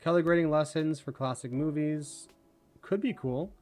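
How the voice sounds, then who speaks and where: A man hosting a livestream, chatting casually and rambling, his words running together when he talks fast. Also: a little high, darkish tone, faint music behind. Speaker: livestream host.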